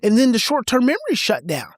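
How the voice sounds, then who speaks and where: A man's voice: very high voice, huge pitch swings, fast talker, no room sound. Middle-aged male podcast guest; emphatic, repetitive teacher's delivery; dry, close recording. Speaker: parenting expert guest. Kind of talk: podcast interview.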